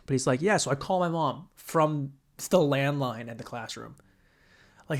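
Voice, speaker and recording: A man's voice: medium pitch, fast. A young man hosting a podcast, telling a rambling, profane story on his own and acting out the quoted voices. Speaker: podcast host. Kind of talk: casual solo storytelling.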